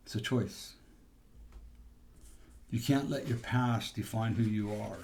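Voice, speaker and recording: Gravelly low-voiced man telling his story. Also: slow pace, pauses often, a little mellow, a little hiss or hum. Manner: storytelling, repeats and restarts. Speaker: podcast host. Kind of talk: personal testimony.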